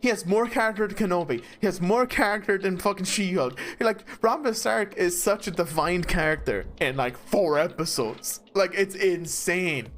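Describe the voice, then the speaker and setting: A man in casual chat over a voice call, rambling and excitable, swearing and laughing often. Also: high voice, moderate pace, hardly any pauses, a little hiss or hum. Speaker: let's play co-host. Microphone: voice chat mic.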